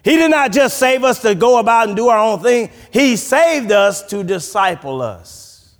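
A man preaching a sermon as pastor, animated, often restarting his sentences. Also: extremely high pitch, measured pace. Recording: long reverb from a large hall.

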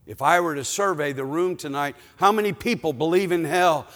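A man preaching a sermon as pastor, telling a personal story in an animated, conversational way. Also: fairly high pitch, brisk, big-room sound.

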